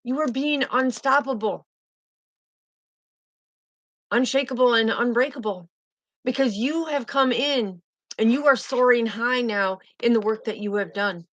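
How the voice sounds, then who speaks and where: A woman's voice: on the high side, measured pace, long pauses, a bit bright, no room sound, dull audio. Fervent woman giving a tarot reading. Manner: fervent, repetitive, emotive. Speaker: tarot reader.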